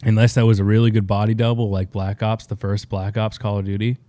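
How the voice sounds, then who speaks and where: A man with a low, mellow voice talking casually on a podcast, laying out his points earnestly and stumbling into restarts. The recording is dry and close. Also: little pitch movement, fast, dry recording. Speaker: co-host.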